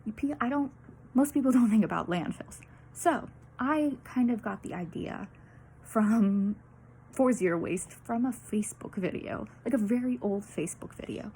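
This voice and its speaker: A woman's voice: fairly high pitch, lively intonation, moderate pace, dark tone, slight background noise. A young woman giving a student presentation, nervous and a little out of breath, with lots of fillers and apologies. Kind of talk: peer-teaching presentation.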